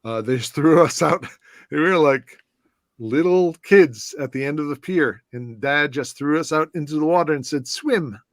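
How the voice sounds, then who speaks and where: Guy spinning old stories, kinda high voice, dry close sound. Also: normal speed, no room sound. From southwest side of Chicago, US. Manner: animated anecdotes with many restarts and fillers. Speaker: former whisky brand ambassador, guest. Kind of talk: casual conversational storytelling.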